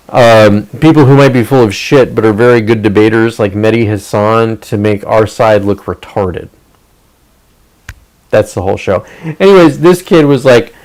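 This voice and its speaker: A man's voice: medium pitch, a little mellow, rough recording. Profane rambling male streamer. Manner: profane, rambling, sarcastic asides. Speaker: streamer host. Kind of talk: casual livestream rant.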